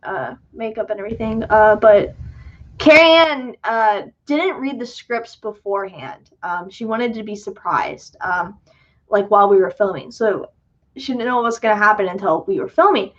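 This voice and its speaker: A woman's voice: mid-range voice, animated, normal speed. A young woman hosting a casual livestream Q&A, chatty and self-deprecating, with lots of fillers and laughs. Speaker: livestream host and filmmaker. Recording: dull lo-fi sound.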